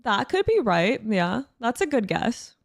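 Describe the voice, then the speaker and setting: A young woman streaming, chatting casually with viewers and laughing often, with a hoarse morning voice. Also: fairly high pitch, big pitch swings, a little slow, no room sound, studio quality. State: morning voice, clears throat. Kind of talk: casual stream chat, reacting to a broadcast.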